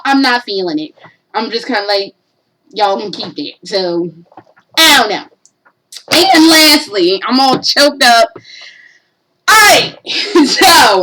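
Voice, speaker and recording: High-voiced woman ranting about games. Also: rough recording. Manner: profane, animated and blunt. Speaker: gaming vlogger. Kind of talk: casual rant.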